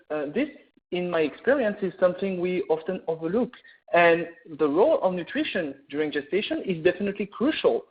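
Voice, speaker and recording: A middle-aged man from France with a French accent, giving a veterinary webinar lecture in an earnest manner, often pausing with "uh" and restarting. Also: sits high. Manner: earnest, many "uh" fillers and restarts. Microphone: video call or webinar mic. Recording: tinny phone-like webinar audio.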